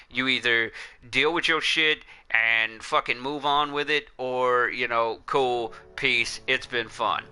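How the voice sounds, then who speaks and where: A man's voice: mid-range voice, pushed and bright, smooth. A livestream host chatting casually, blunt and profane as he tells a rambling story. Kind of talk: casual chat.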